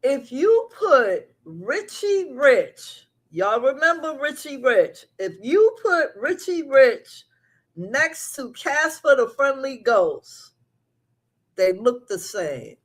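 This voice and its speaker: A woman's voice: high voice, very animated. A middle-aged woman hosting a live recap show from her apartment, chatting with her viewers and drawing out her stories. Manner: chatty, talks straight to viewers, drawn-out storytelling. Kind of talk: casual live chat with viewers.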